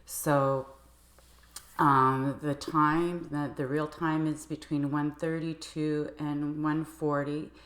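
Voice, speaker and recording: A woman giving a personal account to camera in a measured, halting way. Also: low-pitched, level tone, a bit bright. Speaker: video creator. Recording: roomy echoey room.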